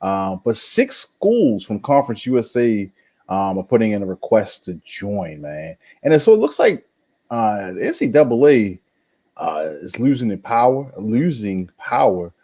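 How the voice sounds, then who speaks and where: A podcast co-host with a lowish voice keeps a measured pace through casual sports chat. He's laid-back, says "man" a lot, and has lively intonation.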